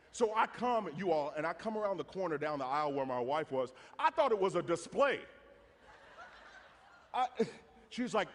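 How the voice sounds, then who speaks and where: A man gives a live talk to an audience in a big hall, and his voice rings with long reverb. He is a storyteller who jokes and acts out the voices of his family. His voice sits high and swings widely in pitch. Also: very animated, normal speed, a bit bright, slight background noise. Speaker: speaker on personal finance.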